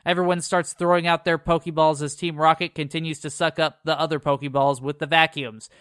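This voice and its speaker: A man's voice: on the high side, level tone, a little fast, a bit bright, clean tone, no room sound, clean studio sound. A man co-hosting a podcast, reading an episode summary in a casual way and dropping sarcastic asides. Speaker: podcast co-host recapping episodes.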